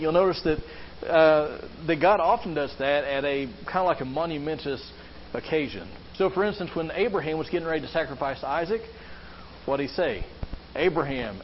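Pastor guy preaching a sermon, kinda high voice, muffled lo-fi recording w/ faint hiss. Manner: earnest preaching with rhetorical questions. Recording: slightly dull lo-fi sound with faint background hiss.

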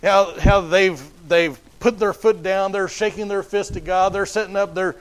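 Man, high voice, sermon, emphatic, repeats and restarts phrases. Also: fairly even intonation, normal speed, poor audio. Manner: emphatic and repetitive, with frequent restarts. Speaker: preacher.

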